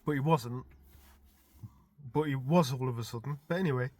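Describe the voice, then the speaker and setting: A middle-aged vlogger recounts one of his dreams in a rambling, casual way, chuckling often and peppering his talk with "like" and "type thing." His voice is medium-pitched and darkish, at a moderate pace, with no room sound.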